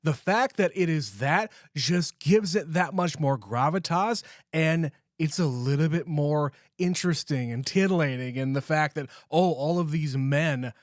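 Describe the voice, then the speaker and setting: Guy cohost talking movies, slightly higher voice, long rambly points, swears a bit, dry mic. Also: a little slow, few pauses, dry recording. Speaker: podcast co-host. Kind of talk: casual movie discussion.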